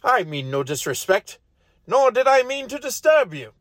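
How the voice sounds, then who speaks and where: A man voicing a timid young male elf adventurer, pleading in a high, strained voice. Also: very animated, normal speed, fairly bright tone, no room sound, heavily acted.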